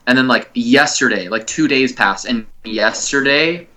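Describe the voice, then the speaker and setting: A man's voice: medium pitch, unhurried, sharp tone. A young man co-hosting a comedy podcast, telling rambling stories full of swearing and filler words. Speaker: podcast co-host. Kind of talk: casual chat.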